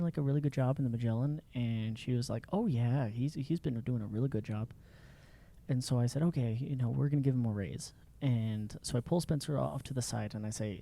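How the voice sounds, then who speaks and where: A man telling lively stories in a casual podcast chat, laughing often. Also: medium pitch, fairly quick. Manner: animated, laughing storyteller.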